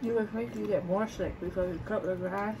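A woman's voice: mid-range voice, steady tone, a little fast, creaky, noisy background. A woman hosting an eating show, chatting casually and teasing her partner between bites. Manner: teasing, playful. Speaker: mukbang host. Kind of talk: casual chat while eating.

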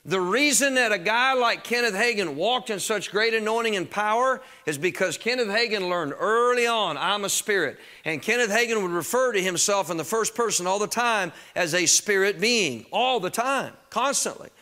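A man preaching a sermon as pastor, emphatic and conversational, talking straight to the congregation and rising to shouts on key phrases. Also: high voice, expressive, normal speed, hardly any pauses.

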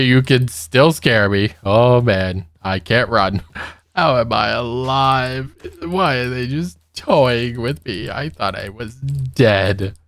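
Nervous giggles fill this let's-play commentary from a young gaming YouTuber, who chats to the monsters he encounters. His voice sits at medium pitch with a slightly bright tone, and there's no echo.

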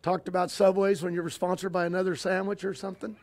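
An older man, a drag racing team owner, telling stories in a casual interview, halting and often repeating himself as he restarts. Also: high-pitched, little pitch movement, darkish tone.

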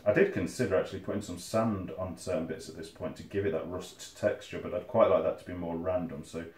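This terrain-building hobbyist has a deep, darkish voice and talks fairly quickly, rambling to camera, mumbling, and self-correcting while he works on tabletop scenery. The roomy recording comes from a distant phone camera.

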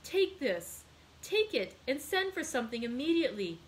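A woman reading aloud, voicing an earnest, devoted young male sailor with lively emphasis. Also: fairly high pitch, moderate pace, slight background noise, natural voice, poor audio. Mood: eager.

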